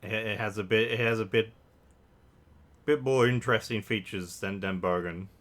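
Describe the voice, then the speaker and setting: A man's voice: fairly low pitch, moderate pace, a bit bright. A man rambles through casual let's-play commentary, correcting himself mid-sentence and cracking jokes. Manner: rambling, self-correcting, joking asides. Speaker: game streamer.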